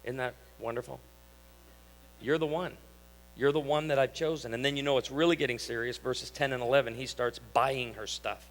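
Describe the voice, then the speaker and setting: A man's voice: mid-range voice, fairly even intonation, fairly quick. A man in his thirties from Illinois, a pastor giving a conversational, humorous sermon and reading scripture aloud. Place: church hall. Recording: long reverb of a church hall.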